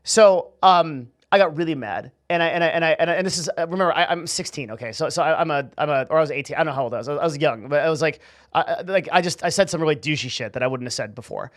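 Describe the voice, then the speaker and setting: A man's voice: fairly high pitch, racing, dry recording, clean studio sound. A young man telling a personal story casually to camera, swearing freely, with lots of restarts and fillers. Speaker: channel host.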